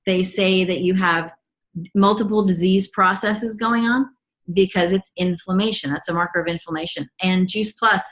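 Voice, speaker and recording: A woman's voice: mid-range voice, fairly bright tone. Chatty middle-aged mother telling her story. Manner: chatty, with frequent ums and restarts; earnest and enthusiastic. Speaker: mother giving a testimonial. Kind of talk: personal testimony to an audience.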